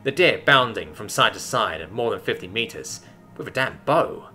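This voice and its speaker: A man reading a sci-fi story aloud as a scripted narration, with an animated storytelling delivery. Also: fairly low pitch, normal speed, soft background music.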